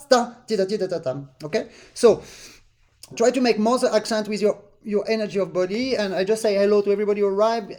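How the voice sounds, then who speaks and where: Pitched high with a darkish tone, a French-accented man who isn't a native English speaker runs a live online accordion master class. He sings the rhythms aloud in syllables.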